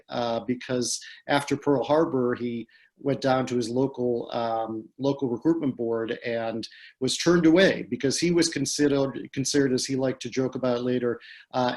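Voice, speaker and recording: A man's voice: medium pitch, darkish tone. A man speaking on a video call, telling a story with frequent fillers and restarts. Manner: hesitant, many fillers and restarts. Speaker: guest speaker.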